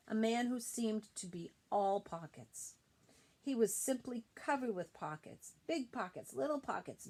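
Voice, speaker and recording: Expressive woman reading to children. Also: medium pitch. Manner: expressive, pausing to point out pictures. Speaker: storybook reader. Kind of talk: reading a picture book aloud to children.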